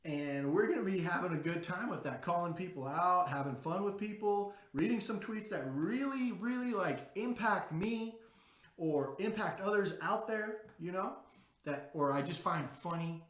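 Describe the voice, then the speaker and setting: A man hosting a podcast in a brash, profane, excitable unscripted monologue. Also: sits high, moderate pace, roomy sound. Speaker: podcast host.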